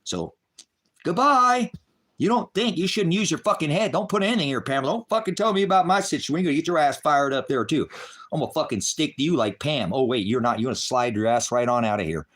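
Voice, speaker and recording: Middle-aged guy going off on a furious rant, swears nonstop, yells then drops to a mutter, mid-pitch voice. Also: animated, quick pace. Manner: heavy cursing, bitter and raging; swings from shouting to low muttering. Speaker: online ministry broadcaster. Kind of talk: angry unscripted rant to viewers.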